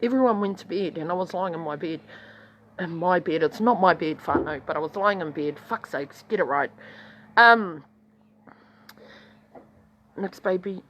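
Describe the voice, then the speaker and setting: A woman's voice: fairly low pitch, moderate pace, long pauses, slight background noise. A woman with a New Zealand accent telling a crude story in a casual vlog, swearing constantly and rambling, her voice jumping up when she gets worked up. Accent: New Zealand English. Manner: heavy swearing, blunt and rambling; animated, voice jumps up when excited. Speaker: vlogger.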